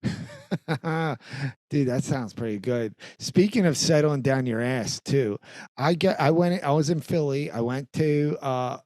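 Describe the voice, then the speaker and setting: A man's voice: medium pitch, slow pace, darkish tone, dry recording. A man co-hosting a comedy podcast, telling stories casually with lots of fillers and restarts. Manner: storytelling, hesitant with many fillers. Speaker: podcast co-host.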